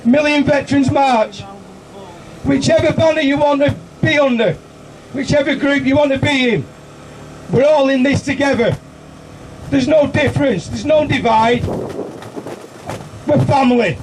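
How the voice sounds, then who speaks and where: Man, rally compere, high voice, far from the mic, noisy outdoor sound. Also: measured pace, long pauses. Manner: rousing, announcing upcoming marches. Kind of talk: addressing a crowd. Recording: distant outdoor mic with noise.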